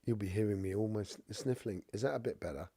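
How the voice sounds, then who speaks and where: A man's voice: on the low side, fast talker, vocal fry, warm tone, breathy edge, no room sound. A middle-aged man with a cough and a stuffy nose, rambling casually through a live stream as he reads viewer comments. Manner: rambling, full of "you know" asides. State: has a cough and blocked nose. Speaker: spiritual reader hosting a live stream.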